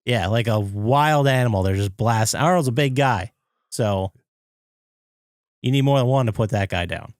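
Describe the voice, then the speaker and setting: A man co-hosting a podcast, retelling a movie scene by scene and jumping into high, excited impressions of the characters. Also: normal speed, dry recording, studio quality. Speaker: podcast co-host. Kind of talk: casual movie recap chat.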